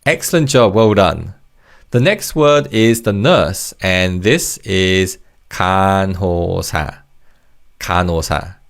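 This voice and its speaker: Gravelly man teaching Korean words. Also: on the low side, animated. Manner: patient, encouraging, slows down for drills. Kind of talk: language lesson narration.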